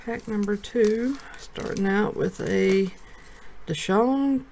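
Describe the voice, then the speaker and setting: A woman from a card shop talking casually as she opens a box of trading cards, thinking aloud, her voice low with early morning. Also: takes it slowly, creaky, noisy background. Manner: chatty, thinks aloud while sorting cards.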